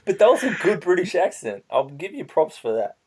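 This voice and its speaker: A man's voice: high-pitched, big pitch swings, brisk, darkish tone, a little hiss or hum. A man hosting a casual interview, asking questions in a loose, joking way with crude asides. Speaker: interviewer, channel host.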